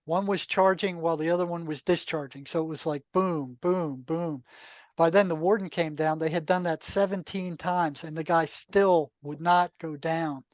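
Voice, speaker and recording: An older man, a retired therapist, telling anecdotes in a relaxed, conversational podcast interview, full of asides. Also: a little high, normal speed, no room sound. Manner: relaxed, anecdotal, many asides and "you know". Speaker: podcast guest, retired psychotherapist. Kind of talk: casual storytelling.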